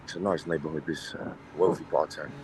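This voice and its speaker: A man's voice: very deep voice, fairly even intonation, fast, over music. A man, streaming a racing game and chatting in a rambling, joking way. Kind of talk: casual stream banter.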